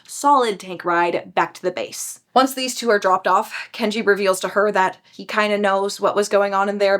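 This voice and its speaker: A young woman casually retelling a book series, animated and chatty, jumping into quick voices for the characters. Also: mid-range voice. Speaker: book reviewer.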